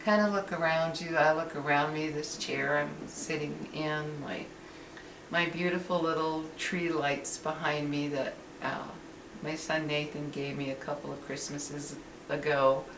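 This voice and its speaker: A woman's voice: sits low, steady tone, a little slow. An older woman talking earnestly to camera from her living room, rambling with frequent restarts. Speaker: vlogger. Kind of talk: casual motivational talk to camera. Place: home living room, indoors. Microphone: built-in camera mic. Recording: roomy and distant with faint hiss.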